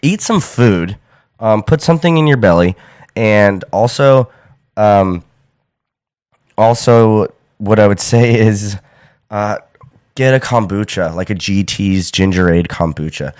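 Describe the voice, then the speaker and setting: A man's voice: lowish voice, takes it slowly, darkish tone, no echo, studio quality. A young American man hosting a podcast, rambling casually with lots of fillers and restarts. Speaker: podcast host.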